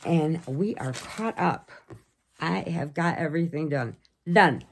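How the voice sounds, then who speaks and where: Middle-aged American woman, low-pitched, chatty storyteller with frequent laughs. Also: unhurried, a little mellow. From United States. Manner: chatty storyteller, laughs often, acts out quotes. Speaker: vlogger. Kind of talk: casual chat.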